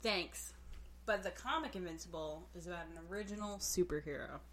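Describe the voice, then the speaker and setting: A woman's voice: fairly low pitch, brisk, a bit bright, a little hiss or hum. A woman co-hosting a comic shop podcast, chatty and teasing, often laughing. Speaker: podcast co-host. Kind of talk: casual podcast banter.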